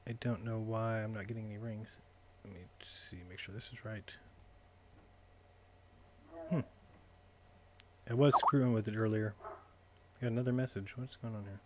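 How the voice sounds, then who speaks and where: A man's voice: fairly low pitch, fairly even intonation, normal speed, long pauses, background noise. Man muttering through a live call-in show. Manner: distracted, muttering while fiddling with call settings. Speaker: livestream host taking calls. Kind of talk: casual live-stream talk.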